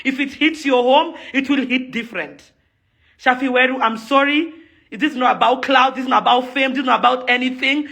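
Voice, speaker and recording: A young Kenyan woman speaking in a fairly high, bright, tense voice. She rants angrily and with heavy emphasis, hammering the same points again and again. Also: a little fast, vocal fry. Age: young adult. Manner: furious, emphatic, repeats her points. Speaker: socialite and event organizer. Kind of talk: angry video rant.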